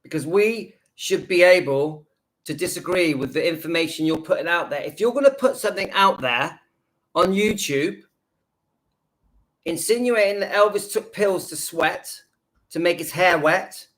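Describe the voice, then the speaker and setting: A man speaks in a notably high voice, hosting his own channel. He rants with indignant emphasis in a reaction video and keeps hammering the same points. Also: moderate pace, fairly bright tone. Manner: indignant, emphatic, repeats himself. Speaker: YouTube channel host.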